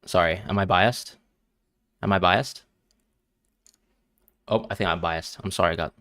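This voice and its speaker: A man's voice: low voice, fairly even intonation, a little slow, sharp tone, no room sound, studio quality. A man streaming live and reacting emotionally to a football match as he watches, talking to his viewers.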